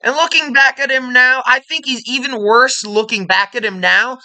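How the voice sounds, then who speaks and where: Brief: sarcastic woman YouTube ranter, profane and blunt, tense bright tone. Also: high-pitched, normal speed, clean tone, rough recording. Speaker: commentary video host. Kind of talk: ranting online commentary.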